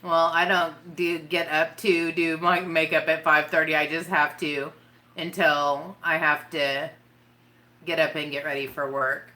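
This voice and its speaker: A woman's voice: sits low, level tone, measured pace, pushed and bright. A woman chatting casually and rambling on a live makeup stream, giggling and talking straight to her viewers. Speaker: makeup vlogger.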